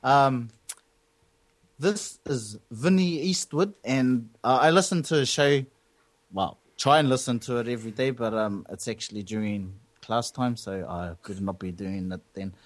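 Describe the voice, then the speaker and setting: Lively young host. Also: male voice, medium pitch, moderate pace. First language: Māori. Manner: joking, loose, many fillers. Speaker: podcast host. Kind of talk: casual chat.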